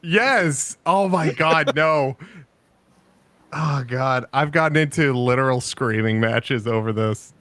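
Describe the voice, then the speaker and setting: A man's voice: medium pitch, slow, a bit bright, no echo. Crude, teasing male stream host. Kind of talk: casual chat.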